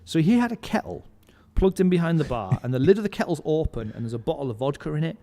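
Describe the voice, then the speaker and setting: A man's voice: a little high, lively intonation, fast talker, dark tone. A man, telling backstage stories as a podcast guest in a rambling, casual way with lots of fillers. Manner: rambling storyteller, heavy use of "like". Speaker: podcast guest, live music stage manager. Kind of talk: casual anecdotal chat. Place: indoors, podcast recording. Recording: reverberant room with long echo.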